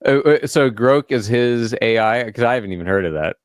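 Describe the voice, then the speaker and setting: A man's voice: mid-range voice, lively intonation, fairly quick, clean tone, no room sound. A man co-hosting a casual podcast from a studio, rambling and laughing often. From South Africa. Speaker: podcast co-host. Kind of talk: casual chat.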